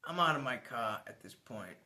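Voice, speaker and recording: A man telling a personal story to the camera in a casual vlog, animated and swearing now and then. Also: medium pitch, moderate pace, roomy sound. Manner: animated, swears, laughs as he tells it. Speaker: vlogger.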